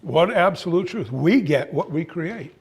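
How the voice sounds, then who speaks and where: Brief: high-pitched man, playful spiritual speaker, anecdotal with halting restarts. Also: expressive, breathy edge. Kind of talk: motivational spiritual talk.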